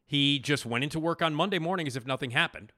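A man hosting a podcast, casually retelling a TV backstage story with animated emphasis and frequent fillers. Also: on the high side, quick pace. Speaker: podcast host.

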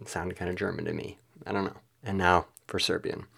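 A man's voice: deep voice, steady tone, unhurried, vocal fry, a bit bright. A man hosting a podcast, reading a reflective, self-deprecating outro. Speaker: podcast host.

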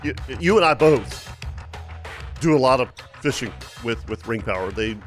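A man's voice: medium pitch, lively intonation, normal speed, soft background music. A man hosting a fishing radio show, chatting and reading sponsor segments. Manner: affable, reads sponsor segments. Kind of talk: casual radio chat.

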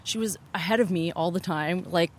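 Outdoors at an open-air theatre venue, a woman who works as a choreographer and assistant director chats casually in an interview. Her voice is fairly low and moderately paced, upbeat and full of "like" fillers.

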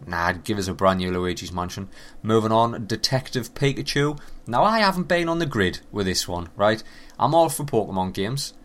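A man giving a casual, animated and profane running commentary on video games. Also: on the low side, moderate pace. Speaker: gaming commentator.

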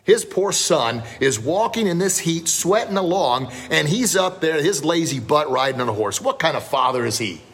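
A man's voice: on the high side, expressive, normal speed, hardly any pauses, voice pushed up. A man voicing a judgmental townsperson who mocks passersby in a told story. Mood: scornful. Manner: mocking, indignant yelling.

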